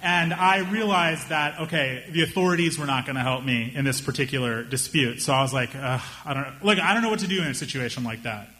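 Young guy doing standup, bright tense voice, jumps into loud voices for the quotes, faint room hum. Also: medium pitch, fairly quick, few pauses. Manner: animated, acts out quotes in raised voices. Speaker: stand-up comedian. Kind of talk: stand-up storytelling.

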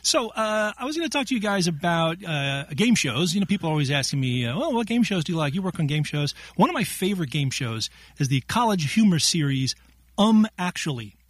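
A lively man hosting a jokey word quiz, with a high, bouncing voice that swoops up and down. His tone is slightly husky and close and dry, and he laughs often between the clues. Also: a little fast, no echo. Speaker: quiz segment contributor.

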